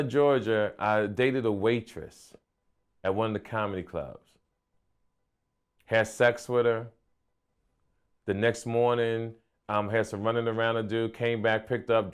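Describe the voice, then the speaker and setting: A man's voice: fairly low pitch, clear, resonant tone. A man, a comedian guest, recounting a personal story in a matter-of-fact way.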